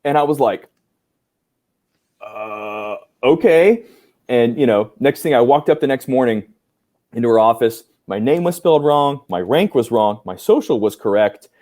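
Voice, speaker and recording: A man in his forties, a guest on a podcast, telling lively stories about his army career and acting out the people he quotes, with many fillers. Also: mid-range voice, moderate pace. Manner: animated, acts out quoted dialogue, many fillers. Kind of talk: casual storytelling interview.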